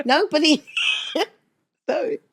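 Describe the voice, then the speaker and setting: A woman's voice: high-pitched, lively intonation, drawn-out words, fairly bright tone. A middle-aged woman from England, a singer telling stories in an interview, laughing often and acting out voices. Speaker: singer, guest. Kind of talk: interview storytelling.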